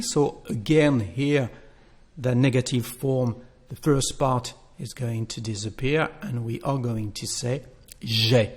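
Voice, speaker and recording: Slow, patient male teacher. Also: medium pitch. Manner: patient, repeats phrases slowly for learners. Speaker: French teacher. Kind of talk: slow spoken language lesson.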